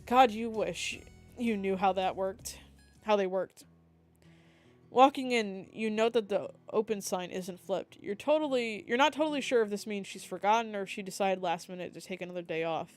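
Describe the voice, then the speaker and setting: A young woman, a streamer, reading the text of a dating game aloud with lively asides and slips. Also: mid-range voice, normal speed, soft background music.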